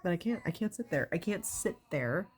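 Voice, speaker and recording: A woman's voice: fairly low pitch, lively intonation, a little fast, a little mellow. A woman with a stuffy, congested nose, doing a stand-up comedy bit in an exasperated, rambling way, swearing often.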